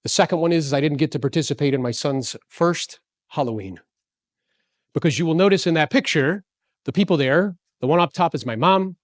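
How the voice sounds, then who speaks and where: Energetic man in his forties giving a talk. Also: a little high, fairly quick, dry recording, studio quality. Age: 40s. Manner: energetic, storytelling, asks the audience questions. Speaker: real estate speaker. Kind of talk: motivational talk to a live audience.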